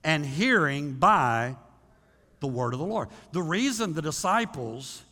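A male pastor preaching a sermon in a church, animated, often acting out the voices of people praying. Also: fairly high pitch, unhurried. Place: church sanctuary. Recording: long hall reverb.

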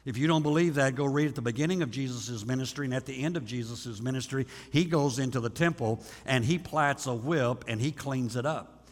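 A man's voice: medium pitch, brisk. A man preaching a sermon as a pastor, in a folksy, conversational way with frequent restarts. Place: church sanctuary. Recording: long hall reverb.

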